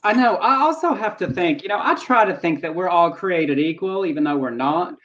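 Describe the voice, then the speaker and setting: A man's voice: high voice, animated, fairly quick, fairly bright tone, muffled recording, a little hiss or hum. A man with a Southern US accent, co-hosting and producing a casual news podcast, talking in a wry, joking way.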